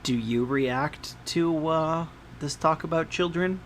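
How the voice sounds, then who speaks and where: An unhurried game master runs a tabletop session and gives rulings with plenty of fillers. The pace is slow and the tone relaxed. A faint hum sits under the voice. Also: medium pitch. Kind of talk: running a tabletop game over an online call.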